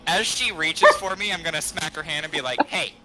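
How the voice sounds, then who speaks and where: A man's voice: on the high side, a little fast, sharp tone, rough recording. A man playing his character in a tabletop game, playful and joking. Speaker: player. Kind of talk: tabletop role-play.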